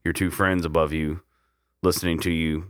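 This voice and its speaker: A man's voice: very deep voice, little pitch movement, normal speed, clean tone, no echo, clean studio sound. A man co-hosting a casual podcast, talking through a movie scene in a rambling, earnest way. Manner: rambling, restarts phrases, earnest. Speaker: podcast co-host. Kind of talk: casual chat recapping a movie.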